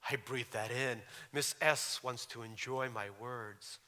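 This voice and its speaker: A man's voice: medium pitch, fairly even intonation, takes it slowly, sharp tone. A man in his forties, born in Russia, reading aloud from his memoir with wry, dry humor. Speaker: author. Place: lecture hall. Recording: reverberant lecture hall.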